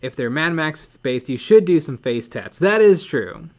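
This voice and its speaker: A man's voice: fairly high pitch, sing-song, moderate pace, darkish tone. A man co-hosting a livestream, chatting casually and playfully while reading out viewer comments. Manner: chatty and playful, with frequent fillers. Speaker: livestream co-host.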